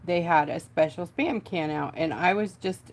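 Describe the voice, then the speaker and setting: A woman's voice: lowish voice, normal speed. A chatty woman, hosting a casual craft livestream from home and talking to her viewers as she works. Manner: chatty, giggly, talks to viewers.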